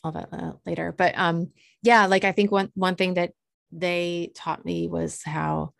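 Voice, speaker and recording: Woman rambling through a story on a podcast, low-ish voice, dry close mic. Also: unhurried, creaky, no echo. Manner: animated storyteller, acts out quoted voices high and loud; rambling with restarts and fillers. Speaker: podcast co-host. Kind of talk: casual chat.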